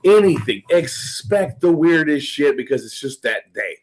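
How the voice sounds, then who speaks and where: Here a man talks at a fairly high pitch while he tells a rambling story, with plenty of cursing along the way. His casual delivery breaks into laughter again and again. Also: sing-song, a little slow. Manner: profane, rambling, laughing often. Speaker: host.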